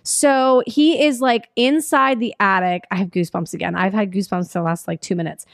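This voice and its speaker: A woman co-hosting a podcast, casually retelling a film scene with plenty of swearing and excited restarts. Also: mid-range voice, a little fast, creaky, dry recording, clean studio sound. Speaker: podcast co-host. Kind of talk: casual chat recapping a film.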